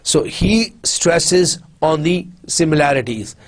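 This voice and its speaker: A man's voice: on the high side, lively intonation, slow. A man giving a recorded university lecture, explaining step by step and often repeating and restarting his phrases. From Pakistan.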